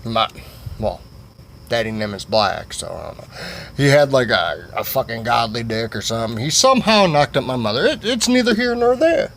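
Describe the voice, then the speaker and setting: A man's voice: medium pitch, very animated, moderate pace, creaky, fairly bright tone, slight background noise. A man vlogging a comic story in a rambling, profane way with many fillers.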